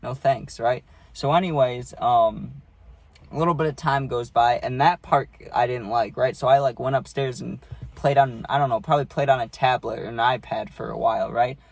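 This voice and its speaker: A man's voice: medium pitch, fairly even intonation, normal speed, vocal fry. A man telling a story from his childhood to camera in a loose, profane way, full of fillers and "right?" tag questions. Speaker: vlogger. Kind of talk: casual storytime.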